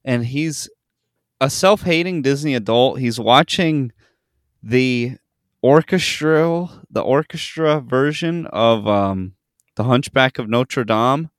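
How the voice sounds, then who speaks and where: A man's voice: mid-range voice, clean tone, no echo, clean studio sound. A young man hosting a podcast, telling a story in casual chat, swearing freely and acting out the people in it. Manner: animated storytelling, swears freely, acts out quotes. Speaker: podcast host.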